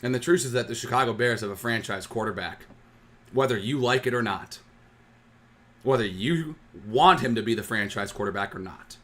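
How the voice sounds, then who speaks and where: A man's voice: medium pitch, normal speed, fairly bright tone. A man hosting a sports fan channel, ranting with heat and sarcasm, often tripping over his words. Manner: heated, sarcastic, stumbling restarts.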